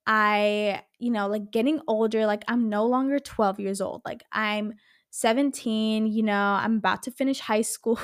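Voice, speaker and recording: A woman hosting her own podcast, talking casually in an animated, rambling way and swearing a lot. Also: fairly high pitch, normal speed, no room sound, clean studio sound. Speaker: podcast host. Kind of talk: casual solo podcast chat.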